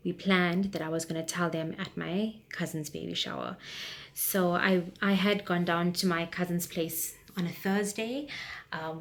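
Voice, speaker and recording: A woman, telling a personal story on her vlog in a chatty, rambling, frank way. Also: fairly low pitch. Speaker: vlogger.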